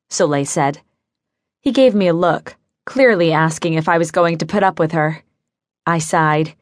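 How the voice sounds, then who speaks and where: A woman reading a novel aloud in first person, in a measured, even storytelling manner, close to the mic. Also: fairly low pitch, no room sound. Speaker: audiobook narrator. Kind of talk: first-person scripted narration.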